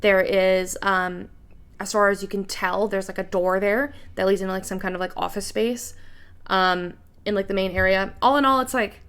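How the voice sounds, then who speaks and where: A woman's voice: mid-range voice, fairly even intonation, moderate pace, a bit bright, clean tone. A woman running a tabletop game as game master, describing scenes casually with many fillers. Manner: casual, filler-heavy narration.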